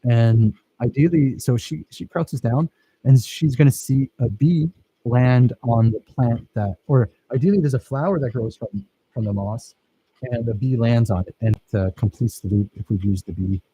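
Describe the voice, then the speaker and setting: A man's voice: mid-range voice, moderate pace, mellow, slightly rough, no room sound, poor audio. A man teaching a filmmaking workshop, talking casually and enthusiastically over his own footage and praising his students.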